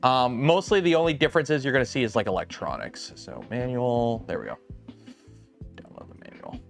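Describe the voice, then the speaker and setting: A man's voice: medium pitch, animated, fairly quick, creaky, soft background music. Chatty man rambling through a garage build. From lives south of Detroit. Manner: rambling, chatty, many ums and restarts. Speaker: livestream host building a 3D printer. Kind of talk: casual livestream chat. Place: garage workshop.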